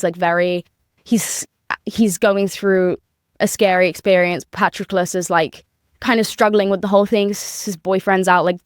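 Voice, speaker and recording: A woman's voice: medium pitch, smooth, no echo, clean studio sound. A young woman hosting a podcast, talking in a rambling, emphatic, confessional way, with lots of fillers and swearing. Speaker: podcast host. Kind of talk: casual confessional monologue.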